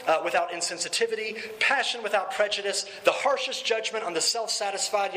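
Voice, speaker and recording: Middle-aged male pastor, high and forceful, emphatic sermon delivery. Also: rough recording. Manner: emphatic, slows down and drops pitch for key points.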